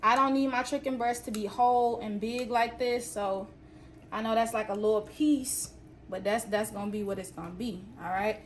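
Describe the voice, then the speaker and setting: A woman's voice: a little high, fairly even intonation, normal speed, recorded from a distance, slight background noise. A young woman with a Southern accent from Alabama, chatting playfully to viewers while cooking in her home kitchen. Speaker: fitness and cooking vlogger. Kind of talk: casual cooking vlog. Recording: roomy kitchen audio, mic set back.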